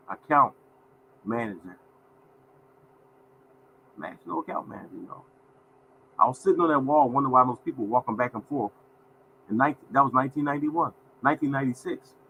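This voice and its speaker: A man's voice: medium pitch, normal speed, long pauses, bright, forceful tone, slight background noise, rough recording. A man in his fifties hosting a casual livestream, folksy and repetitive, often calling out to viewers as y'all. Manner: folksy, repeats phrases, addresses viewers as y'all. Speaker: livestream host.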